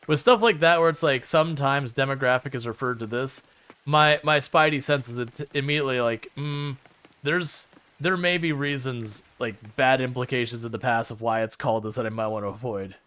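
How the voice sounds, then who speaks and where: A man's voice: medium pitch, normal speed, a bit bright. A man live-streaming a game, chatting casually and rambling with sarcastic asides to his viewers from a home setup. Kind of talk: casual live-stream chat while playing.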